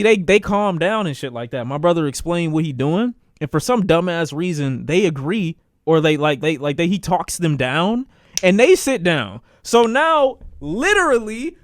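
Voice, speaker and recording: A man streaming a casual storytime, animated and profane, repeating phrases for emphasis. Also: high-pitched, no room sound.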